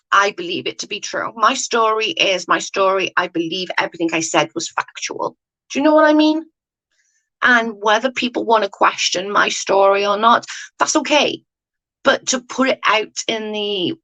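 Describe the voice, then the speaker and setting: A woman's voice: medium pitch, a bit bright, rough recording. A woman on a casual livestream, rambling and correcting herself, often asking if the listener follows her. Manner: rambling, self-correcting, often asks "do you know what I mean". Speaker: YouTube commentator. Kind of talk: casual livestream chat, reading viewer comments.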